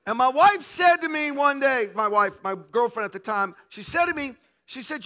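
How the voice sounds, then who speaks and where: A man preaching a humorous sermon, telling comic stories with animated delivery. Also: very high voice, normal speed, hardly any pauses.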